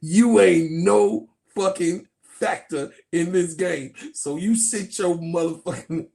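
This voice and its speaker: Man putting on an angry woman coach, swearing, bossy, raspy edge. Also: sits high, slow pace, heavily acted. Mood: furious. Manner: yelling crude orders. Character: fed-up woman basketball coach, profane and bossy.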